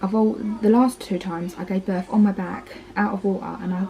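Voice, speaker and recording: A woman's voice: medium pitch, steady tone, brisk, gravelly, mellow, a little hiss or hum, rough recording. Chatty Essex woman in her thirties. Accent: Essex English. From Essex, England. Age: 30s. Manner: chatty, lots of "like" and "um", acts out quoted lines. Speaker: parenting vlogger. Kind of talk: casual birth story retelling.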